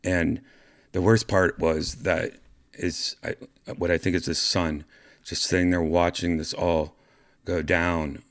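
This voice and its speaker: Deep-voiced man rambling through a story. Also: flat delivery, slow. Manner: rambling, profane, many fillers and restarts. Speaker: podcast host. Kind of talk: casual storytelling monologue.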